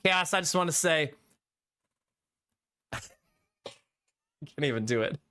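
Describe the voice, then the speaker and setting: A man's voice: fairly high pitch, lively intonation, slow pace, bright, forceful tone, smooth. A man from Ohio streaming live, chatting with viewers, joking around and laughing often into a good studio mic. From Ohio, USA. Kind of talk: casual live-stream chat. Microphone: studio condenser mic.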